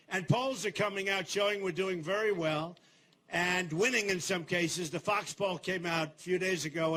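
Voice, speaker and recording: An older man giving a campaign rally speech in a large venue, boastful and repetitive, turning to the crowd with asides and shouted slogans. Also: high-pitched, slight background noise. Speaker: political candidate.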